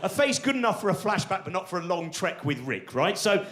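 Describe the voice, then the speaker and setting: A man in his forties does rambling, self-deprecating stand-up on a theatre stage. He talks in a high voice that leaps up and down with lively inflection, full of restarts and asides. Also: fairly quick, a little hiss or hum. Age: 40s. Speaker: stand-up comedian. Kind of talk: live stand-up storytelling.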